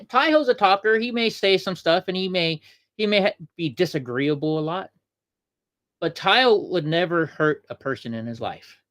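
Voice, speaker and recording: Heated and rambling, a male host works through political commentary on his livestream, repeating points and responding to chat viewers. His voice is high-pitched and a bit bright.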